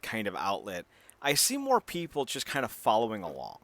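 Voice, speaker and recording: A man's voice: on the low side, huge pitch swings, a bit bright. Ranting, profane male podcast host. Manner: slips into quick comic impressions. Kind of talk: casual podcast chat.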